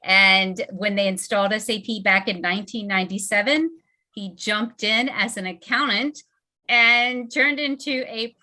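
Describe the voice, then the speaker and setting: A woman's voice: a little high, pushed and bright. A woman with a Southern US accent hosting a casual book club webinar, chatty and full of fillers. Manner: chatty, filler-heavy, laughing often. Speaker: host.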